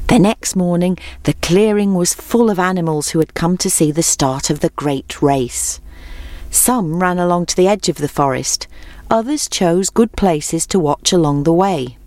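A woman reads a children's storybook aloud in a clear, measured way. Her voice sits low for a woman. The recording is dry and close. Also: a little mellow, no echo. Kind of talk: storybook narration.

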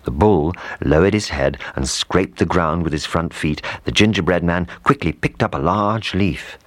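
A man reading a children's storybook aloud, in an animated, expressive way. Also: deep voice, normal speed, no room sound. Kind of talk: storybook narration.

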